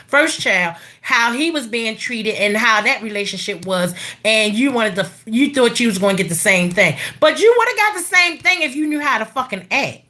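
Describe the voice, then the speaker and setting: High bright blunt middle-aged woman. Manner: blunt, profane, animated. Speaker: vlogger telling a personal story. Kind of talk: casual storytelling rant.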